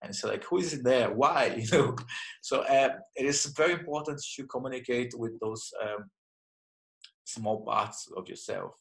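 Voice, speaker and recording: A man in his thirties, a martial arts instructor, answering interview questions in a reflective, halting way with many restarts. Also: mid-range voice, vocal fry, poor audio. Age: 30s.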